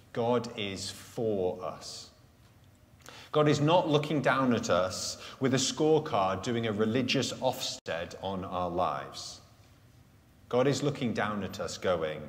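A man preaching a live sermon at a Sunday church gathering, earnest, letting key phrases fall soft and low. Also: animated. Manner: earnest, slows and drops softly on key phrases. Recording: echoey church hall sound.

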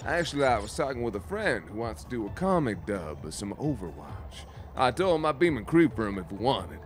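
A man's voice: mid-range voice, big pitch swings, a little fast. Rowdy swearing man on a game stream. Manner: loud, swearing, bursts into yelps at the game. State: tipsy from drinking. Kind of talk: casual gaming stream chat. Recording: game music behind.

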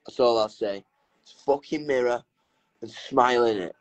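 A young man with a British English accent, hosting a casual livestream chat from a hotel room on his phone, energetic, excitable and sweary. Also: medium pitch, normal speed, muffled recording.

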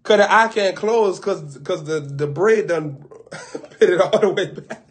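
A man preacher telling a comic, animated story, laughing often and acting out little scenes. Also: high-pitched, unhurried. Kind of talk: comedic storytelling riff.

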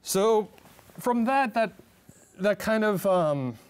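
A young man presenting his photographs in a talk, speaking in a halting, heartfelt way with many restarts and fillers. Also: high-pitched, lively intonation, clean tone. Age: young adult.

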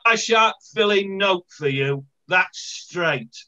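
A man's voice: high voice, lively intonation, takes it slowly, sharp tone, exaggerated voice. A man putting on the voice of a stubborn working-class housewife. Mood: defiant. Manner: blunt, stubborn. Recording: dull lo-fi call audio.

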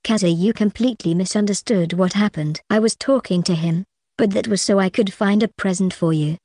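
A woman's voice: mid-range voice, brisk, dark tone, dry recording, studio quality, lightly acted. A woman reading as a scheming young man. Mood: placating. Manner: careful, placating. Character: wary, scheming young man narrator-hero.

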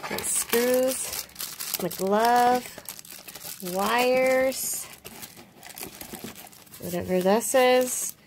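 A woman vlogger unboxing a package, excitable and quick to swear and laugh. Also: on the high side, background noise. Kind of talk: casual unboxing vlog.

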